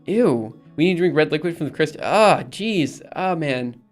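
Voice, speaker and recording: A man's voice: fairly high pitch, animated, normal speed, soft background music. A young man rambling in casual live-stream chat, reading messages aloud and repeatedly insisting things are fine. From United States. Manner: rambling, reads chat aloud, exasperated but reassuring.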